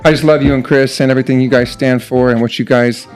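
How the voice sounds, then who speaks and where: Male podcast host, upbeat and excitable, casual talk, faint music underneath. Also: medium pitch, quick pace, clean tone. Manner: upbeat, excitable, repeats words. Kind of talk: casual chat.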